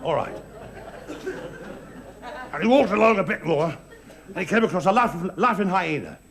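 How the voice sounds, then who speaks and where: A man's voice: sits high, lively intonation, fast talker, vocal fry, a crowd in the background. A man doing a live stand-up routine, stumbling over words and giggling at his own jokes. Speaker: stand-up comedian. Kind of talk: live stage comedy routine. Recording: live stage, loud audience laughter.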